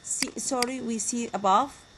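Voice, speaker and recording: A woman giving a grammar lecture, slowly repeating example sentences. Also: a little high, a bit bright, slight background noise, poor audio. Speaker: university lecturer.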